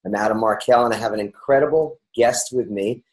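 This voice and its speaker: This middle-aged New Yorker hosts a podcast, chatting with a guest in a cheerful, rambling way full of fillers and restarts. He speaks a little fast in a fairly low, slightly mellow voice. The recording is rough.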